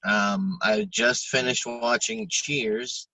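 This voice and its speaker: A podcast co-host in casual chat, talking frankly and swearing freely with halting restarts, audibly stressed and upset. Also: male voice, mid-range voice, sing-song, gravelly, sharp tone, dry recording, distant mic, rough recording.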